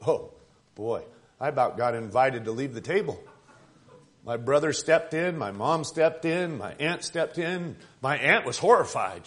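A man preaching a sermon in a conversational yet emphatic way, building up to forceful points and dropping to quiet asides. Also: medium pitch, lively intonation, unhurried. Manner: emphatic, conversational preaching with rising and falling intensity.

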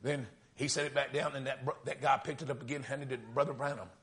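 A man preaching, retelling a story in folksy speech and building to fervent, near-shouted peaks. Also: medium pitch, fairly even intonation, fast. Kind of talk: storytelling sermon.

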